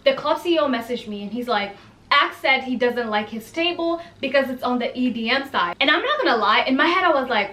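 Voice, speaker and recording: A young woman telling a casual storytime to camera, animated and exasperated, acting out the people she quotes. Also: high-pitched, a little fast, reverberant.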